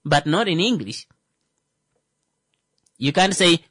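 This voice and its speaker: A man's voice: fairly high pitch, expressive, a little slow, pauses often, a bit bright, slightly rough, no echo. A man, a Thimbukushu speaker, talking casually in a rambling, filler-heavy comic monologue. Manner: rambling, many fillers and restarts.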